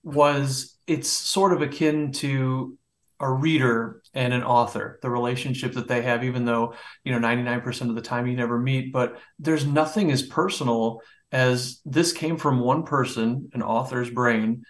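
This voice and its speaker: Mid-pitched man speaking reflectively. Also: steady tone, normal speed. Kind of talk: podcast discussion.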